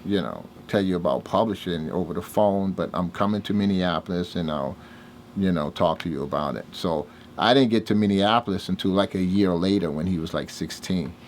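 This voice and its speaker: An older man with a fairly low voice recounts old stories in a relaxed interview. He slips into the voices of the people in his tale and jumps up in pitch as he acts them out. There is a faint hiss behind him. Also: a little fast. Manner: animated storyteller, acts out dialogue with big pitch jumps. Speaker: interviewee, music producer. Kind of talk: casual storytelling interview.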